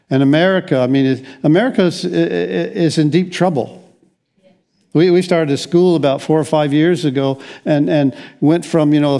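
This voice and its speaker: A man's voice: a little high, dark tone. An older man preaching a conversational sermon as pastor, rambling along with frequent restarts and wry asides.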